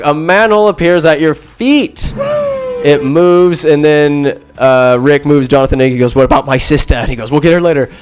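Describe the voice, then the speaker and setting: A man hosting a podcast, recapping a film in a rambling, sarcastic comic style with loud asides. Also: on the high side, clean tone. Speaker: podcast host. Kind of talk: comedic movie recap.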